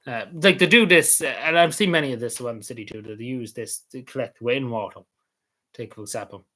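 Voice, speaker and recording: A hoarse man with a Cavan Irish accent, rambling casually as he talks through his travel photos, repeating himself and swearing now and then. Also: medium pitch, a little fast, pushed and bright. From Ireland. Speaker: vlogger.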